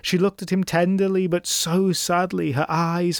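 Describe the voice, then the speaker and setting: A man's voice: high voice, flat delivery, a little slow, creaky, clear, resonant tone, no echo, studio quality. A man narrating a folklore tale in scripted style, dramatic with wry asides to the listener. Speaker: storyteller host.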